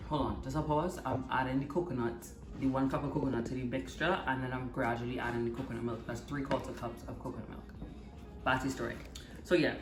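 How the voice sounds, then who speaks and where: A Trinidadian woman in her twenties telling stories and chatting casually while she cooks, going quiet for cooking asides. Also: extremely low pitch, echoey room. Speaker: channel host cooking. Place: home kitchen.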